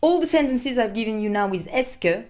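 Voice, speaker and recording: A woman teaching French, explaining question forms clearly and deliberately, lifting her voice on questions. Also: a little high, lively intonation, a little mellow. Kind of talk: recorded language lesson.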